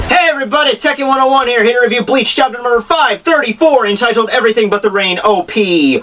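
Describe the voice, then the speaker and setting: A young man rambling excitably as he reviews a manga chapter, full of restarts and asides. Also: very high voice, quick pace, recorded from a distance, soft background music, rough recording. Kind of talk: casual chapter review vlog.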